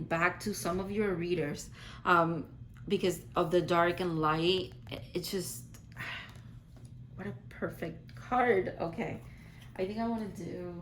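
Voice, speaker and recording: A woman's voice: fairly low pitch, a little hiss or hum, poor audio. A woman giving a casual, rambling tarot reading to her viewers, full of "like" fillers and effusive reassurance. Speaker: tarot reader.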